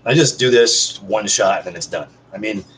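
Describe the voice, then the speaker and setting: A man's voice: lowish voice, normal speed, a bit bright, slight background noise, rough recording. A man hosting his own unedited vlog from home, chatting casually to viewers with rambling, joking, self-deprecating asides. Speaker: channel host. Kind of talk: casual unedited one-take vlog chat.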